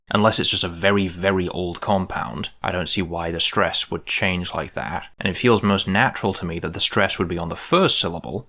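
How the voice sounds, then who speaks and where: A man with a very deep voice talks through a tutorial as if thinking aloud. He sounds musing and tentative and often corrects himself mid-thought. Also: fairly bright tone. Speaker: conlang creator.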